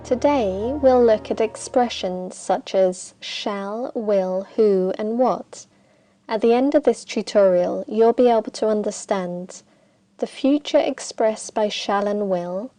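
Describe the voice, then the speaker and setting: Slow, measured woman teaching grammar. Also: mid-range voice, warm tone, no echo. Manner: slow, deliberate, reads example sentences aloud. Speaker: English teacher. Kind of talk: scripted grammar lesson narration.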